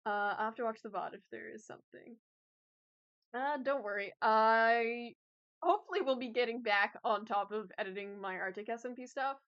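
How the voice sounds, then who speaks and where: Her voice is on the high side and a bit bright as this young woman streamer rambles casually to viewers, laughing and dropping fillers throughout. The recording has a slightly dull, lo-fi quality.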